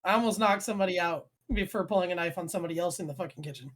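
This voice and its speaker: Young guy on a home podcast mic, swearing nonstop through a kitchen story, gets loud and heated. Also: sits high, racing. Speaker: podcast co-host, former chef. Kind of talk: casual chat.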